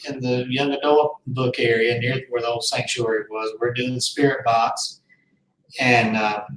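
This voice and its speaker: A man's voice: mid-range voice, fairly bright tone. A man, telling a personal story to a host in an earnest, rambling, heartfelt way. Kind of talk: casual storytelling. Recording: roomy, distant mic, faint noise.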